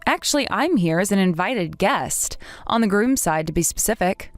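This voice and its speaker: A woman's voice: mid-range voice, animated, normal speed, hardly any pauses, no echo, faint music behind. A young woman narrating and acting the lead in a dramatized story, speaking in a firm, indignant way.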